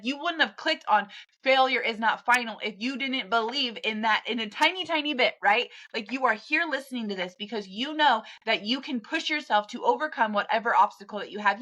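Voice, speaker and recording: A woman's voice: a little high, sharp tone. A woman hosting a podcast, speaking straight to the listener in a direct, emphatic motivational monologue. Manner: direct, pep-talk, blunt and emphatic. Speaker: podcast host.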